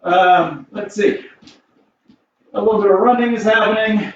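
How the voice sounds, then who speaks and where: An American man with a high voice talks slowly and upbeat as he leads a karate warm-up. He is recorded from across an echoey garage, so the sound is dull and a bit distant. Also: a little hiss or hum. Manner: counts reps in Japanese, upbeat. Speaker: karate instructor. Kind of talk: warm-up exercise instruction. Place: home garage.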